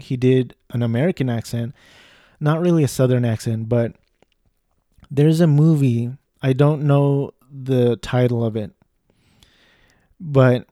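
A man with a mellow, dark voice rambles through a casual monologue and drifts off topic. He is recorded close in a dry, dead room. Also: medium pitch, no echo. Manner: digressive, lots of fillers and restarts.

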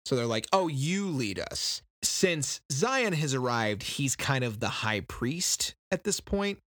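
A man co-hosting a podcast, recapping a book in casual chat and slipping into quick voices for the characters. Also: mid-range voice, big pitch swings, a bit bright, dry recording, clean studio sound. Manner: loose, joking, quotes characters in quick impressions.

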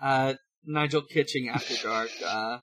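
A man co-hosting a podcast, talking casually and haltingly through a comic with many fillers and restarts. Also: mid-range voice, fairly bright tone, rough recording. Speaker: podcast co-host. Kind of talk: casual chat reading a comic.

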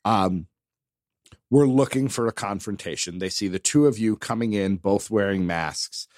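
A man's voice: on the low side, moderate pace, a little mellow, dry recording, clean studio sound. A man co-hosting a podcast in casual chat, choosing his words with care. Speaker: podcast co-host.

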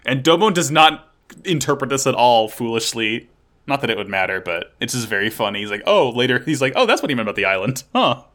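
A man co-hosts a laid-back podcast, his delivery lively with wide swings in pitch. His voice sounds bright and forward. He recaps episodes casually, swearing freely, and reads summaries aloud. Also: fast. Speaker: podcast co-host.

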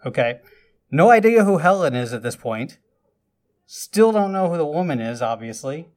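A man's voice: a little high, very animated, moderate pace. Chatty man casually recapping a film. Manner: chatty, loose storytelling with frequent asides. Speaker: podcast host recapping a film.

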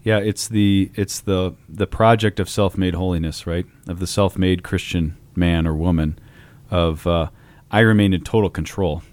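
A man's voice: deep voice, fairly even intonation, unhurried, few pauses, a little mellow, no echo. A man co-hosting a podcast, talking conversationally about theology and telling anecdotes. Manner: conversational, digressive, with anecdotes and fillers. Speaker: podcast co-host. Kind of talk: casual theological discussion.

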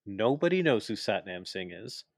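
A man's voice: on the low side, very animated, normal speed, no echo, clean studio sound. A young man co-hosting a casual podcast chat, opinionated and explaining at length with plenty of fillers. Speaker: podcast co-host.

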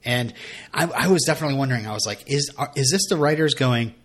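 A man's voice: mid-range voice, quick pace. A young man talks through a podcast episode in a loose, rambling way. He keeps restarting his sentences and pokes fun at himself as he goes. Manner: rambling, self-mocking, full of fillers and restarts. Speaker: podcast co-host. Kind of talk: casual chat.

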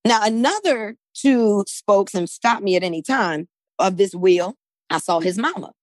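A woman with a mid-range voice makes her points in an emphatic, conversational way, her intonation lively and her pace unhurried. She keeps tagging sentences with "right?" as she talks things through. The recording is close and dry.

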